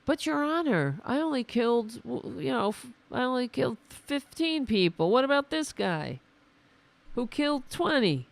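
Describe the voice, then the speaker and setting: A hoarse woman putting on the voice of a whiny male defendant, making excuses to a judge in a mocking, sarcastic way. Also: very animated, normal speed, no echo. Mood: mocking plea. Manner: mocking, sarcastic, high-pitched pleading. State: hoarse, losing her voice.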